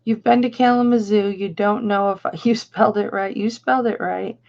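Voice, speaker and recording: A woman's voice: medium pitch, fairly even intonation, fairly quick, gravelly, a little mellow, highs cut off. A woman hosting a casual live stream, chatty and affectionate as she reads out viewer comments. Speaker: live-stream host and reseller.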